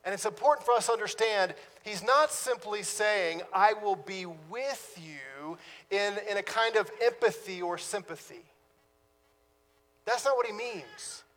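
A man, a pastor, preaching a sermon with dramatic pauses and sudden drops to a hush. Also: high voice, long reverb tail.

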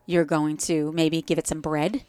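Woman with a New Jersey accent, podcast guest, smooth and resonant tone, dry close sound. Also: low voice, flat delivery, a little slow, darkish tone, no room sound. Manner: reflective, spiritual, talks in metaphors. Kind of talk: casual podcast conversation.

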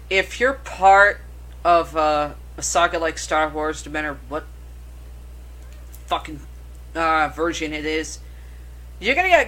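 A woman's voice: lowish voice, sharp tone. A woman co-hosting a casual chat about horror films, rambling and swearing freely. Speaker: podcast co-host.

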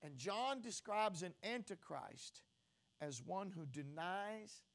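A high-pitched man preaching an expository sermon. He drops into soft, quick asides while explaining, then climbs into loud, emphatic repetitions of his key phrases. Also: animated. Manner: swings between loud emphatic peaks and quiet teaching asides.

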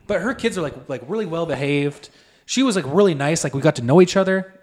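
A man co-hosting a podcast, telling his side of a story in a relaxed, offhand, profane way. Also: fairly high pitch, fast, a little hiss or hum. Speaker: podcast co-host. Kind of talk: casual chat.

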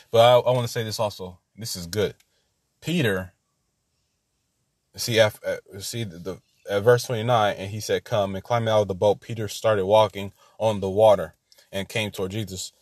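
A man's voice: lowish voice, fairly even intonation, moderate pace, no echo, clean studio sound. A man teaching an informal Bible lesson, rambling and repeating himself, laughing at his own asides.

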